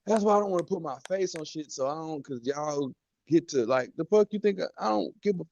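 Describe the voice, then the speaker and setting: A man's voice: fairly high pitch, animated, brisk, gravelly, a little mellow, muffled recording, a little hiss or hum. A man, a guest, talking emotionally and defensively, cursing and fighting back tears. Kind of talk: emotional call-in talk.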